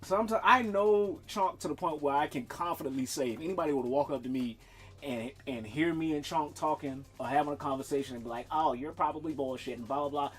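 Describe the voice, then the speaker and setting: A man's voice: fairly high pitch, fast talker, a bit bright, soft background music. A man streaming, telling a rambling, profane story in casual chat and laughing often.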